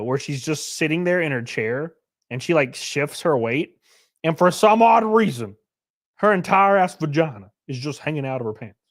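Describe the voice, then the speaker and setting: A man hosting a casual livestream, reading viewers' comments aloud and answering them in a loose, joking, rambling way. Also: a little high. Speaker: livestream host reading chat.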